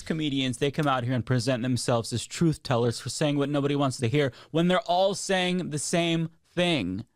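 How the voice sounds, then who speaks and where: A man's voice: on the high side, moderate pace, no room sound. Opinionated male commentator, blunt and profane, very dry close mic. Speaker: political commentator. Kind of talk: video commentary on news.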